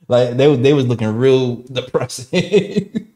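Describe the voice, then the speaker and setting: A man's voice: mid-range voice, moderate pace, mellow. A man co-hosting a postgame show, talking in a hyped, slangy, joking way. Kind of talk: casual sports chat.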